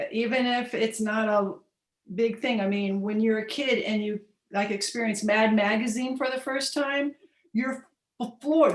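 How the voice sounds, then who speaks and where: A panelist on an art panel, speaking slowly and reflectively. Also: mid-range voice, echoey room. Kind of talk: panel discussion.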